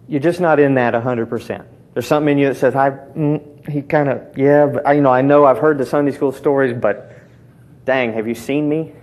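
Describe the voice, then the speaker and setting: Middle-aged man, pastor; a casual, bantering sermon voice that sits slightly high. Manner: conversational, teasing the congregation with call-and-response.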